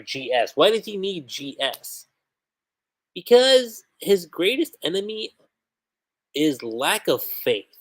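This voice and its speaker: A man reading aloud as a proud, devout demon villager, in an earnest and measured way. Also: high voice, voice pushed up, exaggerated voice. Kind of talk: reading comic dialogue aloud on a livestream.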